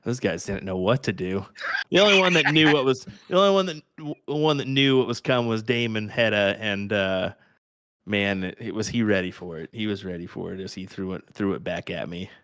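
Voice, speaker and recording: Casting note: man with a Kansas accent, low voice, dry close mic, chatty darts commentator. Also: a little fast, no echo. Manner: chatty, laughs often, lively storytelling. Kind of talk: live sports commentary banter.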